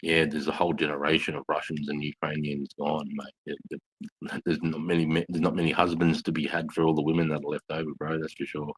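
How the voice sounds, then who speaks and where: A man's voice: a bass voice, level tone, fast, husky, no echo. A man with an Australian accent chatting casually on a live stream, swearing freely and telling stories. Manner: crude, swearing, storytelling.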